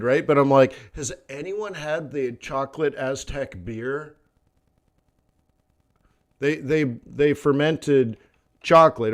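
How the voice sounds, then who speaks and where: A man hosting a trading livestream in casual chat, rambling between topics, laughing often and acting out quoted voices. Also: on the high side. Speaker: forex trading livestream host.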